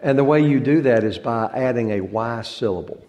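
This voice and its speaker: A man's voice: mid-range voice, moderate pace, warm tone, lo-fi sound. A male pastor giving an informal talk to a church congregation, folksy and joking and drawing out words for effect. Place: church sanctuary.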